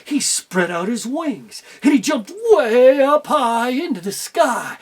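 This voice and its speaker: A man telling a folksy children's story aloud, animated, with lots of sound effects. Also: very high voice, slow pace. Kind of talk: oral storytelling.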